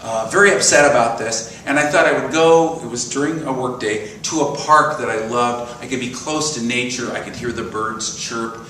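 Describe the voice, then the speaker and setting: A man's voice: mid-range voice, moderate pace, few pauses, slight background noise. A man in his sixties giving a sermon as minister, telling stories and asking the congregation questions. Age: 60s. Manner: storytelling, animated, asks congregation questions. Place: church sanctuary. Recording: roomy echo from a distant mic.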